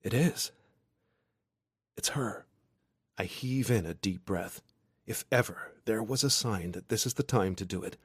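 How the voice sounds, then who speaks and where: A man narrating a romance audiobook in the first person, wry and expressive. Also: lowish voice, moderate pace, breathy edge, no echo, clean studio sound. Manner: wry, expressive, self-deprecating.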